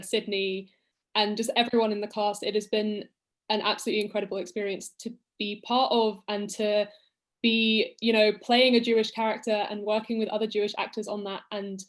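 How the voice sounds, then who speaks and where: A woman actor speaking on a video-call panel, grateful and earnest. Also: mid-range voice. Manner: grateful, earnest, laughs lightly. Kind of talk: casual post-show panel chat.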